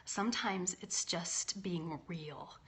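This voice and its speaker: Over a phone or laptop livestream, a leadership coach in her thirties talks slowly in a fairly low voice. She's casual and open with her viewers, constantly checking in with "right?".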